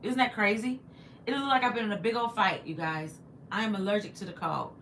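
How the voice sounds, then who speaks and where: In a medium-pitched voice that runs a little fast, a woman livestreams casually from home, chatting with viewers and reading their comments out loud. Her manner is lively and talkative as she responds to the audience and her pet, over a little hiss or hum.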